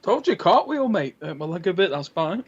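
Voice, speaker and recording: A man joining a casual live-stream chat as a guest over a call, trading deadpan jokes. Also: high-pitched, moderate pace, slightly rough, dull audio. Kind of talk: casual banter.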